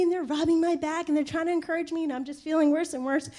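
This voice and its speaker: A woman preaching a sermon, telling a personal story in a lively voice, laughing often and acting out the people she describes. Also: very high-pitched, fast. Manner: animated, laughing, acts out the people in her stories.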